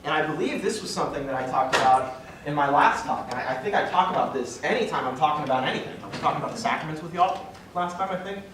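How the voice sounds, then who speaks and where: A man's voice: on the high side, animated, quick pace, hardly any pauses. Earnest man in a very echoey hall. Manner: earnest and emotional, rambling with restarts and chuckles. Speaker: guest speaker at a parish talk. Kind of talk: personal faith talk to a church group. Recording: very echoey hall from far off, noisy.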